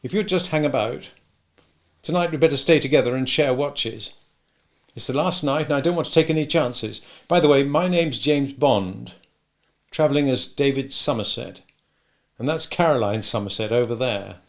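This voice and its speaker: A cool British secret agent, as a male audiobook narrator reads him, speaks in a brisk, businesslike way. The voice stays close to the reader's own mid pitch and carries a slightly gravelly edge. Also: natural voice. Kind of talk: audiobook character voice.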